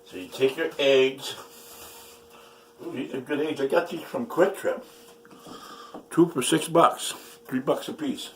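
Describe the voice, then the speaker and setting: A man talks to his camera while cooking, grumbling and cursing as he goes. His voice sits in the middle range and his pace is slow and drawn out. He is off the mic in a roomy kitchen with faint noise behind. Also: mid-range voice, lively intonation, distant mic. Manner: swears often, frustrated and grumbling. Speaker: vlogger cooking at home. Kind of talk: casual kitchen vlog.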